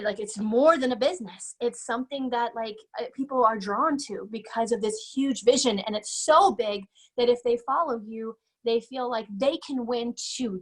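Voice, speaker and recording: A middle-aged woman giving an energetic, emphatic motivational business talk on a webinar, repeating her key points. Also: mid-range voice. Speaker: guest speaker. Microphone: webinar microphone.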